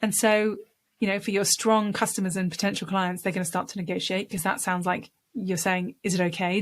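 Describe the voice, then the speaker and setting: A woman's voice: on the low side, a bit bright. Woman coaching on speaking. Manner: conversational, demonstrates voice techniques. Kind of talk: direct-to-camera teaching.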